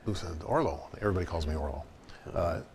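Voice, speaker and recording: An older man with a deep, low voice spins anecdotes from his years as a TV news reporter, talking fast. He slips into the voices of the people in his stories. A steady hiss of background noise sits under the recording. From Ohio. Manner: animated storyteller acting out quoted voices. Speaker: guest, veteran TV news reporter. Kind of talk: anecdotal interview storytelling.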